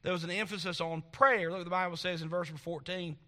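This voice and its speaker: High bright-voiced preaching man. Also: steady tone, a little fast. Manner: preaching with rising emphatic swells and repeated refrains. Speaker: pastor. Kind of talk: sermon. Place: church auditorium.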